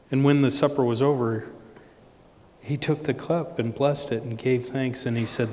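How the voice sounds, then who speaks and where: A middle-aged man preaching, telling a personal story slowly and earnestly with frequent restarts. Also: mid-range voice, steady tone, a little mellow. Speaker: pastor. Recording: long reverb, faint noise.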